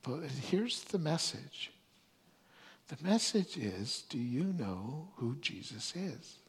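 A man's voice: fairly high pitch, big pitch swings, slow, slightly rough, long reverb tail. A man preaching a sermon, telling the story earnestly and stumbling over restarts and repeated words.

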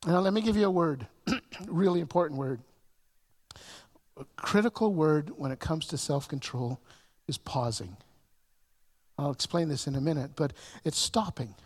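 A man preaching a sermon, stumbling over repeated words, swinging from emphatic surges to quiet, gentle stretches. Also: on the high side. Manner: repetitive restarts, rising to emphatic peaks then dropping soft. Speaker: pastor. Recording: long hall reverb.

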